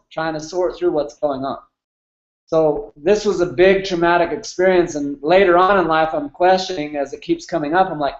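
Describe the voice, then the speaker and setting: A man's voice: a little high, steady tone, moderate pace, echoey room, lo-fi sound. A man in his thirties telling a candid, emotional personal story as an interview guest, with many fillers. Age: 30s.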